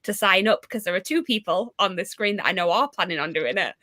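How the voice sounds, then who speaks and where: A woman's voice: medium pitch, brisk, pushed and bright, dry recording, studio quality. A woman, a guest on a casual group video call, explaining things in a matter-of-fact way.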